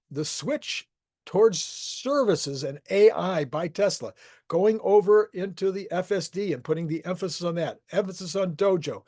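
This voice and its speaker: A man's voice: sits high, a little mellow, no echo, studio quality. A man hosting a solo economic commentary show, talking it through casually with frequent restarts. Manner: conversational, thinking aloud with restarts. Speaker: market commentary host.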